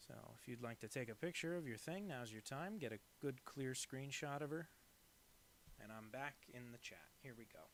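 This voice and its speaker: Male cartoonist streamer, gravelly fry in the voice, deadpan and rambling as he draws live. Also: mid-range voice, normal speed, slight background noise. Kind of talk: casual chat while drawing live.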